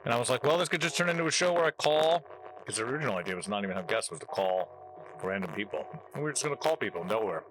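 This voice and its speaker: Lively, wry man hosting a tasting show. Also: lowish voice, rapid-fire, noisy background. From New Jersey. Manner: chatty, wry, joking. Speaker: host. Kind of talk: casual food-tasting vlog.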